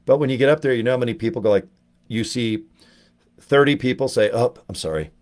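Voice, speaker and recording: A man talking casually to camera, telling rambling, animated anecdotes as a network marketer. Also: mid-range voice, fast.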